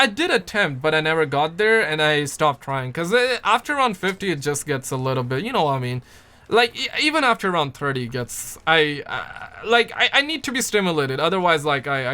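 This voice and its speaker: Young man, from Pakistan, gaming streamer, casual chat, slightly high voice, bright tone, playful pitch jumps. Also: fairly quick, clear, resonant tone. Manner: animated, shifts his voice up and down on purpose. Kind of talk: casual livestream chat, reading chat aloud.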